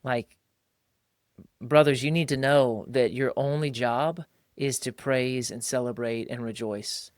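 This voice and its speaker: Animated man in dry, close podcast sound. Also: mid-range voice, a little slow, no echo. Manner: animated, mimics other people's voices when quoting them; colloquial, calls listeners "bro". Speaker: podcast co-host. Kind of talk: casual conversational podcast.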